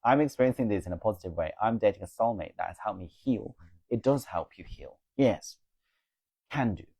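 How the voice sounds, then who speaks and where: A man's voice: on the low side, expressive, fairly quick, warm tone, husky, no room sound. A man hosting a casual live-stream Q&A, reading viewer comments aloud and answering them in a confident, coaching way. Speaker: spiritual live-stream host.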